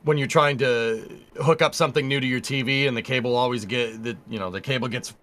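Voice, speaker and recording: A man's voice: mid-range voice, brisk, a bit bright. A man co-hosting a livestream in casual conversation. He explains things in a loose, rambling, easygoing way. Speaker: livestream co-host.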